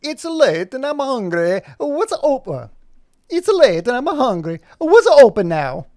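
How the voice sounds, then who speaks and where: A man voicing an eager, hungry male cartoon dog in a raised, drawn-out voice. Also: extremely high pitch, big pitch swings, darkish tone, dry recording, clean studio sound, pitched above the performer's own voice, exaggerated voice.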